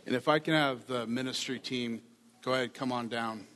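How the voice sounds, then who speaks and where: A pastor delivers a sermon in a church sanctuary, his medium-pitched, slightly bright voice moving at normal speed. His preaching is earnest and conversational, with repeated phrases, and the hall is reverberant.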